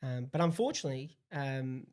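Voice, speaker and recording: A young man chatting as a podcast guest, halting and pausing often with ums while he searches for words. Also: medium pitch, lively intonation, darkish tone. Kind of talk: casual chat.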